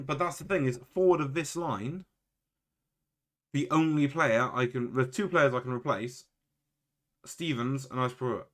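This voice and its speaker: Man, mid-range voice, casual game commentary, wry, exasperated, self-mocking. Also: mid-range voice. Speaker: video game player and commentator.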